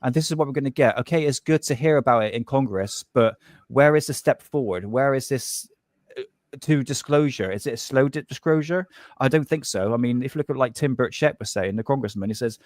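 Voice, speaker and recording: A medium-pitched, darkish male voice speaks briskly in a dry, clean studio recording. He's a co-host from Southwest England with the region's accent, chatting casually on a live stream, rambling, restarting often, and saying "mate."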